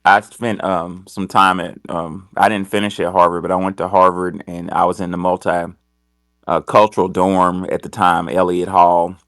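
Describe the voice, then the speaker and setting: A man's voice: low-pitched, flat delivery, normal speed, fairly bright tone, no echo, clean studio sound. A man hosting a talk show, telling stories in a rambling way with many hesitations. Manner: rambling, hesitant, full of ums. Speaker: host. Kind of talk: casual talk-show discussion.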